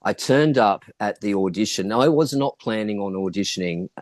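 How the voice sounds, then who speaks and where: Lowish Australian man telling stories. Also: expressive, normal speed, a little mellow, no echo. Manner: rambling, with many fillers and restarts. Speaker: actor and guest. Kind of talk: casual interview storytelling.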